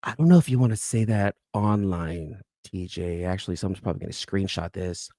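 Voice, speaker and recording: A man's low, mellow voice leads a casual comic-book haul vlog as a YouTube comic collector host. The sound is clean studio audio with no room sound. His talk rambles, cuts itself off, and turns often to quick remarks for viewers in live chat.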